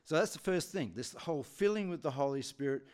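Lively man preaching. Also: fairly high pitch, fairly quick. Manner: animated storyteller with many repetitions. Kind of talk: sermon with storytelling.

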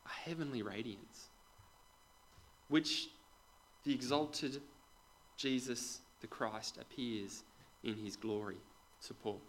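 A man's voice: medium pitch, slow, pauses often, a little hiss or hum, poor audio. Conversational man preaching a sermon. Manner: conversational, addresses the congregation directly with questions; drops to quiet asides. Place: church with a congregation.

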